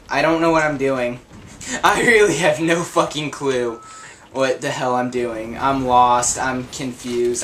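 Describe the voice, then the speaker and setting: A young man talks over his gameplay in an unhurried, drawn-out way, swearing freely and sounding lost. He laughs at himself and lets out sharp yelps whenever he gets hit. A faint hiss of noise sits under his voice. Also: mid-range voice. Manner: confused, swearing a lot, laughing, yelping when hit. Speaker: gameplay commentator. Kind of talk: casual let's play commentary.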